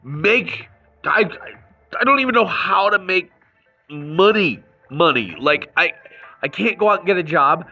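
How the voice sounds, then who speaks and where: Man, slow-talking and angry, gravelly voice, raw emotional rant, dull lo-fi sound with faint music. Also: sits high, lively intonation, sharp tone. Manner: angry, raw venting with restarts and swearing. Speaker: vlogger. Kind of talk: emotional personal rant to camera.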